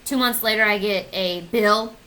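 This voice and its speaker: A woman's voice: mid-range voice, normal speed, bright, forceful tone, rough recording. A woman in her twenties ranting sarcastically on her vlog, swearing and mocking herself. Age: 20s. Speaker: vlogger. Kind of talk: casual comedic rant.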